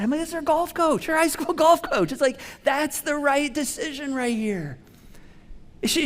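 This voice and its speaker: Storytelling middle-aged male pastor, higher voice. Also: slight background noise. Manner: conversational storytelling with many restarts and fillers. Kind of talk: sermon.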